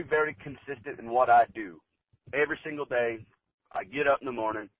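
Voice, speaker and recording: A man, an insurance agent, giving a plainspoken motivational talk with a folksy anecdote, pausing often on fillers. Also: mid-range voice, breathy edge, dry recording. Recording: tinny phone-like dry sound.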